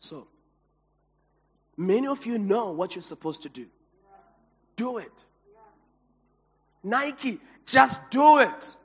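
Pastor, male, very high voice, passionate emotional sermon; recorded in a reverberant hall with a dull lo-fi sound. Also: big pitch swings, takes it slowly, pauses often, husky.

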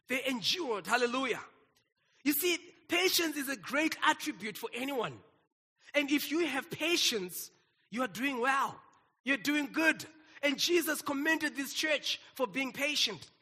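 A man's voice: very high voice, sharp tone, slightly rough, in a large hall. A man, preaching a sermon and calling out to his congregation. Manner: exclaims and calls out to the congregation. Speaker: pastor.

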